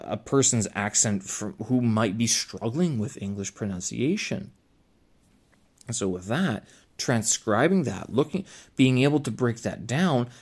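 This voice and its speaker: A male English teacher talks through an idea on his solo podcast in a loose, meandering way. He circles back, restarts sentences and fills the gaps with "uh" and "you know." His voice sits at an ordinary middle pitch. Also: darkish tone. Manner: rambling, with frequent restarts and filler. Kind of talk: casual solo podcast monologue. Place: lives in China.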